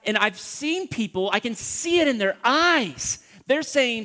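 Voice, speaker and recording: A man preaching a sermon as pastor, impassioned, acting out prayers and dropping from loud pleading to hushed whispers. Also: very high-pitched, very animated, normal speed, hardly any pauses, big-room sound.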